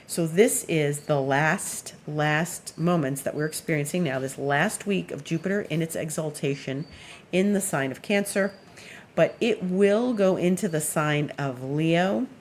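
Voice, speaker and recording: A woman's voice: sits low, a little hiss or hum. A woman astrologer giving a casual weekly forecast, chatty and meandering with plenty of fillers.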